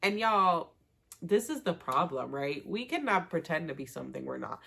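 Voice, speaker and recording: A woman recapping a reality show in a casual, slangy, animated way, swearing freely. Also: low voice, moderate pace, gravelly, husky. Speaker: TV recap vlogger.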